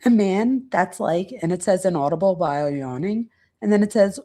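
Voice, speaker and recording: A woman with a lowish, dark-toned voice hosts a true crime channel. She casually reads quotes aloud and comments on them, pausing now and then to search her notes.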